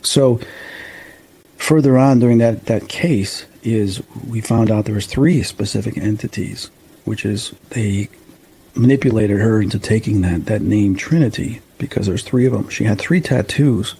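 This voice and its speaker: A man in his fifties from the Chicago suburbs, a paranormal investigator telling a story in a rambling, halting way with restarts. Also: fairly low pitch, creaky, mellow, slight background noise, rough recording. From Chicago suburbs, USA. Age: 50s. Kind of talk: casual storytelling interview.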